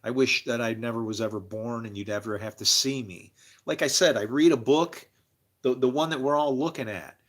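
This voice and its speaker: A man's voice: medium pitch, a little fast. A man hosting a livestream, rambling in a profane, confessional way about faith and his struggles, and talking to viewers in chat. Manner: talks to chat viewers by name; religious musing. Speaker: livestream host. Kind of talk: casual livestream monologue.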